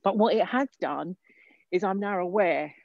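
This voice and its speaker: A woman's voice: fairly low pitch, moderate pace, gravelly, no room sound. A woman guest talking casually on a walk outdoors, hesitant with many fillers. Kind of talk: casual interview. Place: outdoor park. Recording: dull lo-fi recording.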